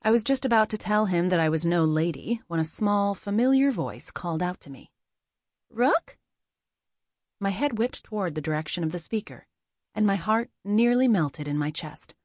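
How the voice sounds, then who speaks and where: A woman reading a first-person fantasy audiobook, measured and quietly expressive. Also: on the low side, no room sound, studio quality. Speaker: audiobook narrator.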